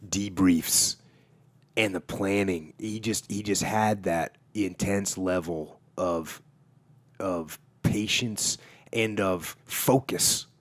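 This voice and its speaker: A man with a very deep voice, recorded close and dry, speaks in a measured, emphatic way. He drops dry jokes between his slow, deliberate points. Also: dry recording. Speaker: podcast host. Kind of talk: casual conversation.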